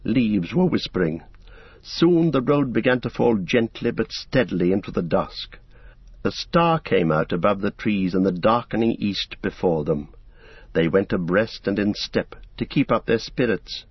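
A man narrates a novel steadily in a lowish, husky voice with lively pitch movement. The recording is dull and lo-fi, with no room sound. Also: unhurried, no room sound. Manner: steady storybook reading. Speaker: audiobook narrator. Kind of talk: scripted narration.

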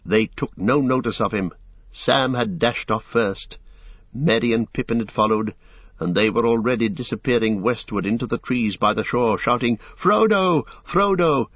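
A man narrating a fantasy storybook in a measured, even way. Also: fairly low pitch, breathy edge, no room sound, lo-fi sound. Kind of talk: storybook reading.

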